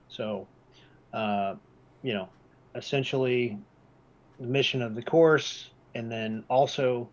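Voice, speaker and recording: A man walks through a document section by section at a measured, deliberate pace. He slows down to repeat his key points for emphasis. The audio is slightly dull and lo-fi. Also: medium pitch. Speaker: presenter. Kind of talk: reading-based presentation.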